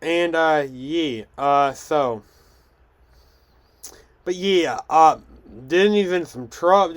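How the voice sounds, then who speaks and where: A man's voice: fairly high pitch, very slow, pauses often. A young man hosting a podcast, chatting casually through film news with frequent restarts and stumbles. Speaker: podcast host.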